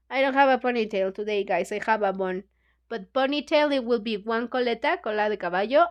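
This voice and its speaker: A woman's voice: fairly high pitch, fairly bright tone. Chatty woman teacher. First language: Spanish. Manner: chatty, says "you know, like" constantly, acts out lines. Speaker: English book club teacher. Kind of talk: retelling a story for learners.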